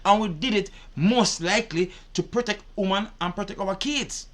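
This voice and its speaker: A man's voice: high-pitched, normal speed, fairly bright tone. A man giving indignant, profane reaction commentary. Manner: indignant, profane, repetitive ranting. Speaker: reaction video host.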